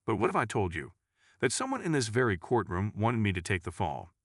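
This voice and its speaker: A man reading as a calm, confident teenage defendant. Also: on the low side, a little fast, no room sound, clean studio sound. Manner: steady, even delivery.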